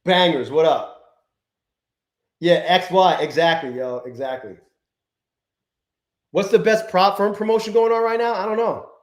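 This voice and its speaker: A man hosting a live trading stream, chatting with viewers, swearing often and swinging between low mutters and exasperated outbursts. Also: expressive, unhurried, long pauses, roomy sound. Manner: profane, exasperated, talks to chat. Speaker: livestream trading host.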